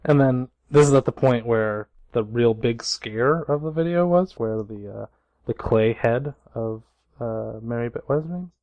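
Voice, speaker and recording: A young man co-hosting a podcast, giving a steady plot recap with dry asides. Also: medium pitch, a little slow, no room sound, muffled recording. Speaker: podcast co-host. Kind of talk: casual comedic recap chat.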